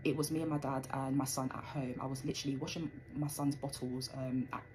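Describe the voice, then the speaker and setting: A woman's voice: a bass voice, steady tone, fast, background noise. A young woman telling a personal story in a rambling, conversational way with plenty of fillers.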